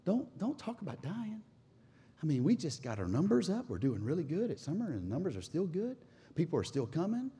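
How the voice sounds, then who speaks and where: A preacher acting out an anxious, pushy male disciple who pleads in an urgent hush, with a husky voice. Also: fairly high pitch, huge pitch swings, normal speed, exaggerated voice.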